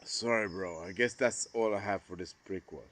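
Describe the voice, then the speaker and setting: A man vlogging an emotional, rambling monologue about missing his brother, swearing and swinging between loud outbursts and hushed murmurs. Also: sits low, moderate pace, background noise.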